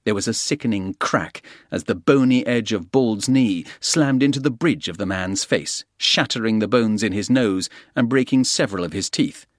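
Reading a scripted action thriller, this male audiobook narrator keeps things steady and brisk in a low register. The close, dry recording carries no echo and no trace of the room.

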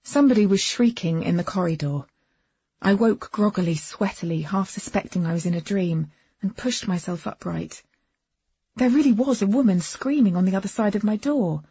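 Very husky woman narrating. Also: medium pitch, normal speed, dry recording, muffled recording. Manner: expressive, lively first-person storytelling. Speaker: audiobook narrator. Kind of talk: first-person audiobook narration.

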